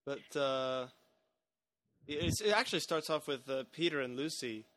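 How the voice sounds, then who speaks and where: A man's voice: medium pitch, moderate pace, fairly bright tone, no echo. A man hosting a podcast, chatting casually about a film with many restarts and hedges. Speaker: podcast host.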